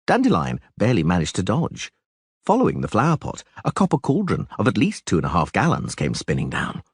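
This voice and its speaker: A man narrating a fantasy audiobook with expressive, animated storytelling. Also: lowish voice, a little fast, slightly rough, no room sound, studio quality.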